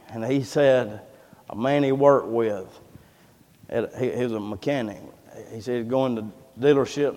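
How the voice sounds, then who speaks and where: Folksy preacher in a reverberant hall. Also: male voice, mid-range voice, darkish tone. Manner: folksy storyteller, acts out quoted voices. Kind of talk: sermon storytelling.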